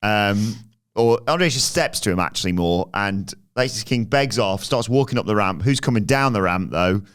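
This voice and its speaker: A man's voice: on the low side, expressive, normal speed, fairly bright tone, clean tone. A man co-hosting a podcast, recapping events in a casual, offhand way. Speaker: podcast co-host. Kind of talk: casual wrestling recap chat.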